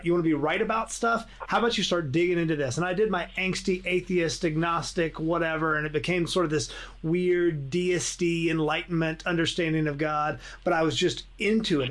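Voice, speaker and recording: A man hosts a podcast in casual conversation, enthusiastic and reflective. His voice sits slightly high for a man. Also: fairly bright tone. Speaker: podcast host. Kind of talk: casual chat.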